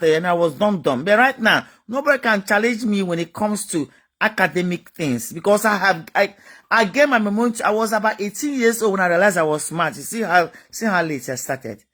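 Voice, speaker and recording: A woman's voice: mid-range voice, a bit bright. A woman giving a motivational talk, emphatic and repetitive, full of rhetorical questions. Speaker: motivational speaker.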